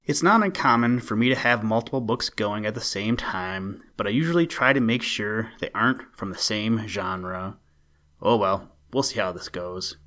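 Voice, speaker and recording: A man with a fairly low voice hosts his podcast and tells a children's story. His reading is gentle and expressive, easing through the narration. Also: moderate pace.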